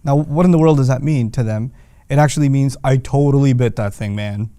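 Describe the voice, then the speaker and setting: A man's voice: mid-range voice, brisk, dark tone, dry recording. Man explaining in a dry, close recording. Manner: conversational, explains with everyday examples. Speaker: teacher of Quranic Arabic. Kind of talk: casual explanatory lesson.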